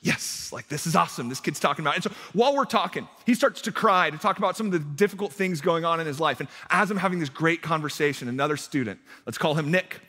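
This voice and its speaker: A man's voice: on the high side, lively intonation, fast, hardly any pauses, bright, forceful tone, slightly rough. A young man, a youth pastor, giving a casual sermon full of fillers and restarts as he tells a camp story. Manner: chatty, self-deprecating, many fillers and restarts. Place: church hall. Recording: long hall reverb.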